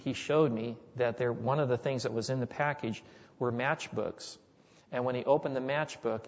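A man's voice: medium pitch, darkish tone. Man, preacher, sermon storytelling, conversational, restarts, long hall reverb, muffled sound. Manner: slow, conversational retelling with frequent restarts.

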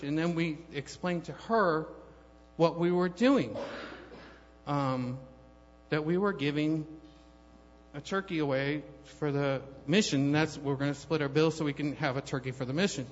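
Casting note: man telling his church testimony, somewhat high-pitched and chatty, full of ums and restarts, recorded on a dull handheld mic. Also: normal speed. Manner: rambling, conversational, many fillers and restarts. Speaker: church member giving a testimony. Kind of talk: personal testimony told as a story. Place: church hall. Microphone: handheld microphone held too far off. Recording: long hall reverb, dull lo-fi sound.

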